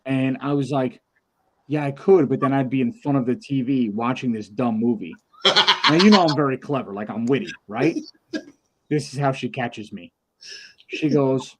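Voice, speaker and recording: A man's voice: mid-range voice, normal speed, a bit bright. A man on a podcast spins a personal story in loose, casual chat. He acts out every voice in it and swears freely, in an ordinary mid-range voice. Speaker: podcast co-host.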